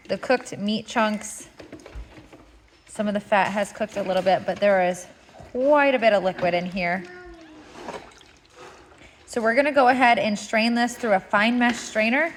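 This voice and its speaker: A woman explaining a kitchen task step by step in a relaxed, casual tutorial, with the odd filler. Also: medium pitch, slight background noise. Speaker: homestead cooking instructor. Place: home kitchen.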